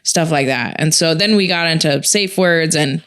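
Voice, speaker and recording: A woman co-hosting a podcast, chatting in a relaxed, slightly hesitant way. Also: sits low, moderate pace. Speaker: podcast co-host. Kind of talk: casual podcast chat.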